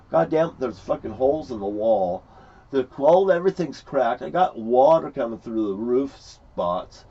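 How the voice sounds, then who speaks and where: A man talks in a long, rambling rant full of profanity and anger. His voice sits at a middle pitch. The recording is dull and lo-fi. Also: lively intonation, normal speed, dark tone. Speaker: vlogger.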